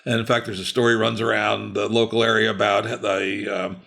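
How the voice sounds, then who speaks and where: A man's voice: on the low side, little pitch movement, a little fast, vocal fry, bright, forceful tone. An older man hosting a podcast interview, chatting casually with wry asides. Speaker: podcast host.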